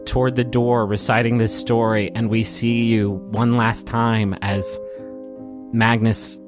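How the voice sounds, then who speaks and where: Gentle man narrating a tabletop game. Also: mid-range voice, little pitch movement. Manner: gentle, unhurried storytelling. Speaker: game master. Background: soft piano and guitar music.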